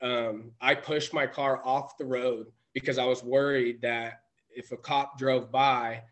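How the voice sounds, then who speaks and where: A man's voice: medium pitch, flat delivery, a little slow. A man telling a personal story as a podcast guest, rambling with many restarts and self-corrections. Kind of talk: casual storytelling.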